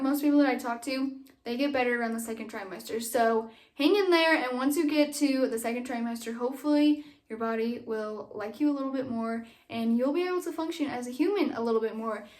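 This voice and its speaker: A young woman vlogger chatting casually to camera from a nursery at home, rambling with lots of fillers and a little out of breath. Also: high voice.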